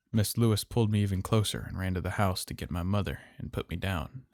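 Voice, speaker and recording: A man telling a horror story in slow, measured, somber narration. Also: sits low, darkish tone, no echo, studio quality.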